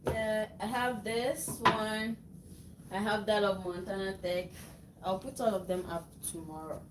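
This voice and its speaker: A woman's voice: mid-range voice, steady tone, unhurried, recorded from a distance. A woman co-hosting a casual livestream, giggling and stammering as she protests the teasing. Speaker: wife and co-host. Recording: echoey noisy home livestream.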